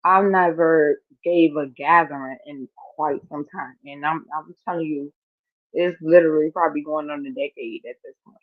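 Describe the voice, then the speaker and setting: A woman vlogger chatting casually as she reacts to clips, expressive and quick to laugh. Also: low-pitched, no echo. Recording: tinny, phone-like dry sound.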